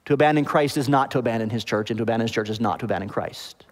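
A pastor preaching a sermon, explaining the meaning of words and often checking with the congregation whether it makes sense. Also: male voice, medium pitch, very fast, in a large hall. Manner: explains word meanings, asks the congregation "okay?" and "does that make sense?".

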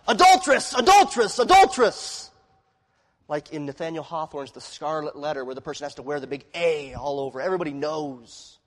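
Male preacher, high-pitched, dramatic sermon delivery, quiet to emphatic, long hall reverb. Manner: dramatic, swings from quiet to shouting.

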